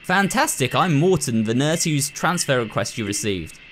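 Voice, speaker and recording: A man's voice: mid-range voice, big pitch swings, normal speed, a bit bright, a little hiss or hum. A man voicing a polite, formal male nurse in a game. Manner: formal, courteous.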